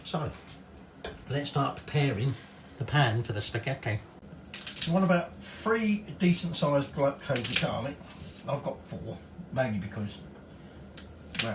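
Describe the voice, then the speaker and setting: Northern English home cook, middle-aged man, lively sing-song delivery, off-mic in an echoey kitchen, loose and sweary. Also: mid-range voice, far from the mic, noisy background. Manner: chatty, swears casually. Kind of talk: casual cooking tutorial.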